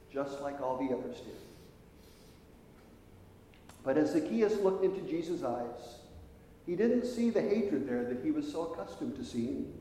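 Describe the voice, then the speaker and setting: Male preacher, conversational sermon storytelling, slightly high, mellow voice, echoey hall. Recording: echoey hall with long reverb.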